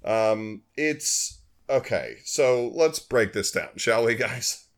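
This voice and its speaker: A man's voice: mid-range voice, expressive, takes it slowly. A man on a podcast, joking and asking his co-hosts questions, laughing often. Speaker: podcast co-host. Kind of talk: casual chat.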